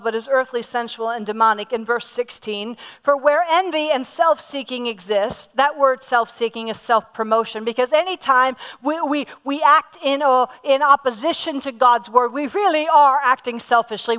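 Woman preacher, high pitch, personal and emphatic sermon delivery. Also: a bit bright. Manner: personal, emphatic, asks the audience questions; repeats words for emphasis.

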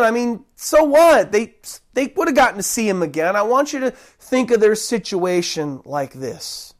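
A preacher giving a sermon, talking conversationally and acting out loud, desperate cries for help. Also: medium pitch. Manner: dramatic, acts out the cries of those he preaches about; conversational, rambling restarts.

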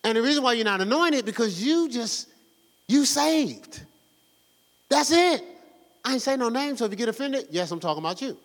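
A man's voice: very high-pitched, lively intonation, normal speed, long reverb tail. A male pastor preaching a sermon in a fervent, conversational, slangy way, exhorting his congregation.

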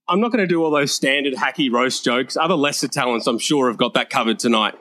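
A man's voice: medium pitch, fairly quick, hardly any pauses, sharp tone, slight background noise. A man delivering a crude, brash comedy roast monologue, mocking and profane.

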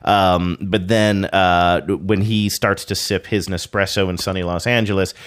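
A man's voice: sits low, fairly even intonation, measured pace, a bit bright. A man hosting a casual podcast, rambling and self-deprecating with many fillers. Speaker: podcast host. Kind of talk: casual chat.

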